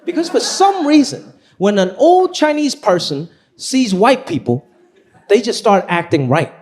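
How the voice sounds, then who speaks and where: High-pitched, animated male stand-up comic. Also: measured pace. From Los Angeles. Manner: animated, high-energy storytelling. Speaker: stand-up comedian. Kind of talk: live stand-up comedy. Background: audience laughing.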